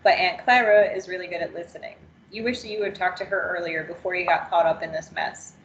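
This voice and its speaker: A woman's voice: lowish voice, brisk, a little hiss or hum. Brief: woman trainer narrating a choose-your-path story, roomy, dull call audio. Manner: steady second-person storytelling. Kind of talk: reading an interactive story aloud.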